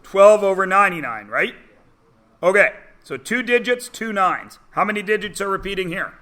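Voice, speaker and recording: In a math lesson, a man addresses a class of students in a high, bright, forceful voice with lively intonation. He's chatty and teasing, tossing out rhetorical questions and constantly checking in with quick questions.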